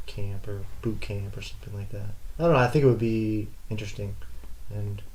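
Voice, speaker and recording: A young man co-hosting a podcast, telling a story in a casual, animated way. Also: on the low side, a little fast. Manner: animated, laughs often, acts out shouted quotes. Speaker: podcast co-host.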